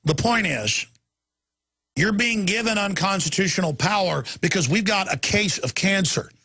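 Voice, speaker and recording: A man's voice: high voice, normal speed, pushed and bright. A man hosting a talk show, delivering an angry, impassioned rant in a heated, emphatic way.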